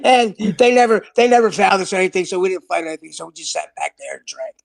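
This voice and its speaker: High, gravelly middle-aged man. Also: very animated, fast. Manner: profane, laughing storyteller. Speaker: guest, old friend. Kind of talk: casual storytelling chat.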